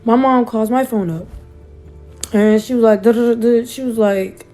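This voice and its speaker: A woman's voice: a little high, steady tone, normal speed, warm tone, soft background music. A young woman telling her own story in a casual, emotional way, acting out what others said to her. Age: young adult. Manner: emotional, quotes others in conversation. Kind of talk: casual personal retelling.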